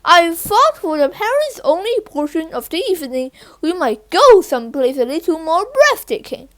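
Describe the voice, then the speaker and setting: A woman's voice: very high voice, big pitch swings, normal speed, a bit bright, exaggerated voice. A woman reading aloud, voicing an eccentric teacher in a bat costume who speaks in a spooky, dramatic way. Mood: theatrical.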